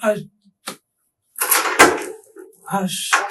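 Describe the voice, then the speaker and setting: A distraught, tearful man being interrogated, talking haltingly and restarting his sentences. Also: sits high, recorded from a distance, noisy background. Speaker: murder suspect under interrogation. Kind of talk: police interrogation.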